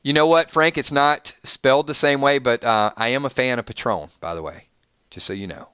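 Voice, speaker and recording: A man's voice: medium pitch, normal speed, fairly bright tone, smooth, no echo, clean studio sound. A man from Georgia with a Southern accent, hosting a casual live stream and reading out viewer names in a rambling, friendly way. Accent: Southern American. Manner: chatty, reads viewer names, rambling restarts. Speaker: streamer host.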